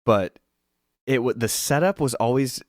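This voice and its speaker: A man's voice: medium pitch, a little slow, no echo, clean studio sound. A man co-hosting a podcast, chatting casually and making wry, joking remarks. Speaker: podcast co-host. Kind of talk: casual chat.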